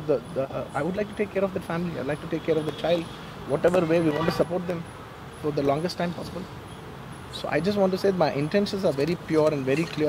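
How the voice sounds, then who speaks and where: Male, raised pitch, rapid press statement, emotional and earnest, repeats phrases, noisy outdoor garden. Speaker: film actor speaking to the press.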